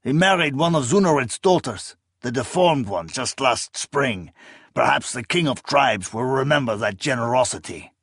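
A man voicing a bitter, scornful old warrior with a hoarse, lowered voice in an audiobook. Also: animated, moderate pace, a bit bright, dry recording, studio quality.

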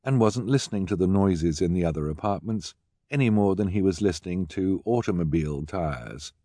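Lively low-voiced male storyteller. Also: fairly quick, no echo, studio quality. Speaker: audiobook narrator. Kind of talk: scripted narration.

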